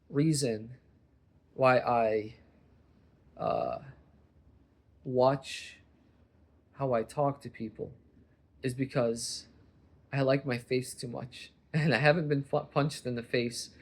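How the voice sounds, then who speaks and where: A young man rambling in a casual vlog monologue, often breaking off and restarting, and jumping up loud and high when he acts out other people. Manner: rambling, self-interrupting, jumps to loud animated voices when quoting people. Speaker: vlogger.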